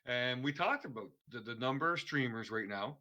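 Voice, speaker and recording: A man hosts a relaxed podcast interview. He reacts to his guest with short, eager remarks and asks his questions in a halting, roundabout way. His voice is bright and sharp at a middle pitch. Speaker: podcast host. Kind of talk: casual interview chat.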